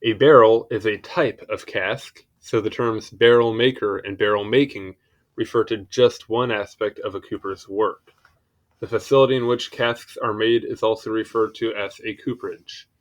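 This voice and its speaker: Young man, lowish voice, informal read-aloud, self-deprecating asides, fumbles pronunciations. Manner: stumbles over foreign words, apologetic asides. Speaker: reader of encyclopedia articles. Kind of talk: casual reading aloud with asides.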